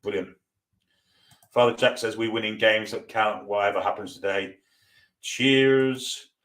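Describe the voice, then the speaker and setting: A man's voice: on the low side, fairly bright tone. A man with a Geordie accent hosting a live football fan watchalong, chatting casually as he reads out viewer comments and banters back. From North East England. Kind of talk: live stream chat reading.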